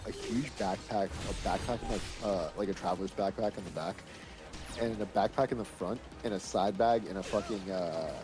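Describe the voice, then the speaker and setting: A man with a fairly low voice chatting loosely on a live stream. He rambles through his stories, stacking up filler words and casual swearing. He talks like he's hanging out with a friend. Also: normal speed, music in the background. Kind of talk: casual chat.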